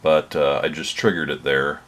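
Older guy casually walking through a gadget demo, deep low voice, um-ing along. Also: moderate pace. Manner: relaxed, plain-spoken, hesitant with fillers. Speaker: hobby electronics channel host.

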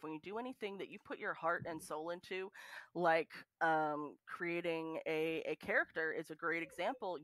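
A woman guest on a podcast, chatting in an animated way with lots of fillers. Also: on the low side, no room sound. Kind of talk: casual podcast chat.

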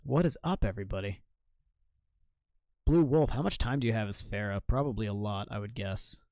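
A man's voice: fairly low pitch, fairly quick, a little mellow, no room sound. A young man from Maine chatting casually on a live game stream. He reacts to chat with jokes and swears freely. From Maine, United States.

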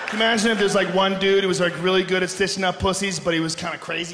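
A middle-aged male comedian works a large theater stage, loud and profane, and keeps yelling his punchlines. His voice sits strikingly high, and a long hall reverb trails every line. Audience noise is clear behind him. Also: level tone, very fast. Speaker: stand-up comedian. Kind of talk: stand-up comedy routine.

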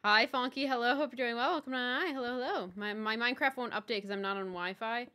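On the high side, fast and sharp-toned, a young woman chats casually during a gaming livestream. Things breaking draw swearing from her, and she exclaims, repeats herself and welcomes chatters by name.

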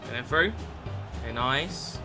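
A young man commentating his own video game matches in an excitable, sweary, chatty way, talking to the viewers as lads. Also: medium pitch, a little slow. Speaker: gaming video host. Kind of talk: live gameplay commentary. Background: background music.

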